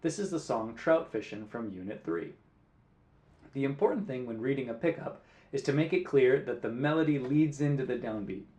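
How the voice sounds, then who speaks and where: A man's voice: medium pitch, animated, moderate pace, mellow, muffled recording. Patient male guitar teacher, roomy sound. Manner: clear, patient counting aloud. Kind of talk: music lesson. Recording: roomy echo.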